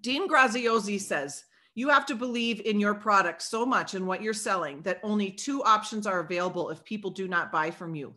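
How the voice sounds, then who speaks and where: A woman giving an energetic motivational talk on sales to her team, preachy in tone and playing out sales dialogue as she goes. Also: mid-range voice.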